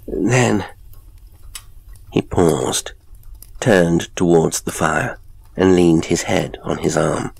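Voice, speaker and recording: Male horror audiobook narrator, low and gravelly, measured delivery. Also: no room sound, rough recording. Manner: measured, dramatic storytelling. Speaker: podcast narrator.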